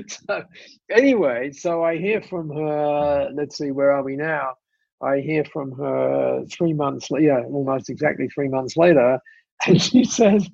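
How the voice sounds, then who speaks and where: A man telling an anecdote as a guest in a conversation, animated, with restarts and asides. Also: on the high side, slow, creaky, husky, no echo, muffled recording. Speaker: guest speaker.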